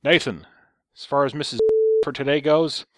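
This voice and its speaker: A smug grown son who drags every word out slowly and tediously, as a man mimics him in a story. Slightly raised pitch, dry sound. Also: fairly bright tone, no echo, lightly acted. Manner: annoyingly slow, drawn-out speech. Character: slow-talking, smug middle-aged son.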